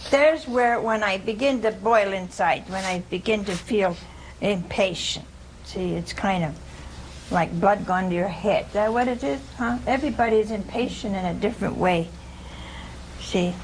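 A woman giving an informal scripture teaching to a small group, conversational and humorous, often pausing to ask her listeners "See?". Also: medium pitch, a little hiss or hum, low-quality recording. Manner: conversational, keeps asking "See?" and questioning listeners; homespun humor, laughs at her own jokes. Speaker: religious teacher.

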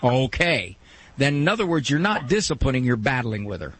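A middle-aged man hosting a call-in advice show, lecturing emphatically with a gravelly voice. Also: mid-range voice, big pitch swings, fairly bright tone. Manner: emphatic, lecturing, breaks into quick mock quotes. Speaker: radio advice host.

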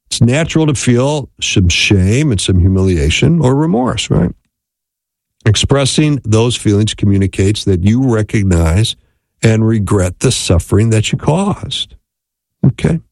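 A man giving a relaxed, conversational teaching talk on marriage, often checking in with "right?" and "okay?". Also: medium pitch, creaky, dry recording. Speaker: speaker on marriage.

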